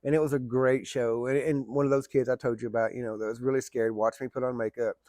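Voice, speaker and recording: A man's voice: mid-range voice, flat delivery, fast, a little mellow, no echo, clean studio sound. A middle-aged man telling a long story in a rambling, colloquial, folksy way. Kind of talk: casual spoken storytelling.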